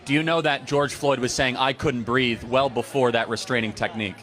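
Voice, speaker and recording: Fast-talking man in a debate. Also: mid-range voice, fairly even intonation, a bit bright. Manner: rebutting with quick counterpoints. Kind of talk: debate exchange.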